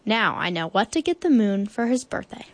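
A woman voicing a cheerful, eager young male bear in a storybook read-aloud, in a bright, raised voice. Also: mid-range voice, sing-song, moderate pace, dry recording, lightly acted.

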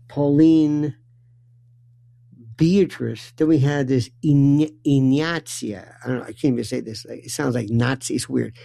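A man telling a rambling comic monologue, repeating and restarting words in quick bursts. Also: gravelly, no room sound. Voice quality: animated, acts out quoted voices with big pitch jumps. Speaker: storyteller.

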